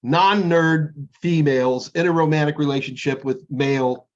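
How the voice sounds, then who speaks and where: A man's voice: fairly high pitch, normal speed, lo-fi sound. A middle-aged man co-hosting a casual chat, rambling and joking as he tells stories. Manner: rambling, jokey, animated storytelling. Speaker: podcast co-host.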